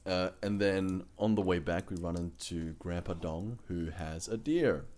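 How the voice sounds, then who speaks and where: A man's voice: sits low, measured pace, a little mellow. A man co-hosting a tabletop game podcast, recapping the session in a laid-back way with lots of fillers. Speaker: player, co-host. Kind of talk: casual podcast chat.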